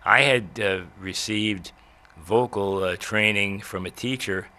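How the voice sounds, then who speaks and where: An older man, a radio veteran, telling old stories in a rambling way with many pauses and restarts. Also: fairly low pitch, bright, forceful tone. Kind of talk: reminiscing talk.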